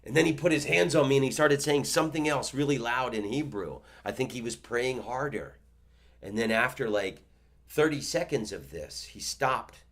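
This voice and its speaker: Lively low-voiced man telling a story. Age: 50s. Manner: animated, stammering restarts. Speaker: comedian and podcast host. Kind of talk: storytelling monologue.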